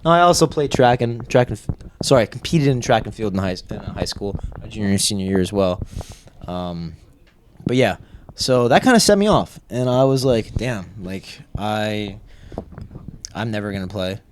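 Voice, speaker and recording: Animated young man telling a story. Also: fairly low pitch, moderate pace, a little hiss or hum. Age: young adult. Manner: animated, self-mocking, acts out quotes. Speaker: podcast guest. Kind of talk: casual storytelling.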